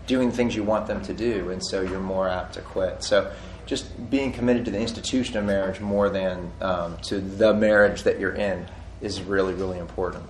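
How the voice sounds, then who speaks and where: A man in his forties, co-hosting a casual marriage-advice chat, who talks in halting bursts with many restarts. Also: low-pitched, fairly even intonation. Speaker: podcast co-host. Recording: echoey room with faint noise.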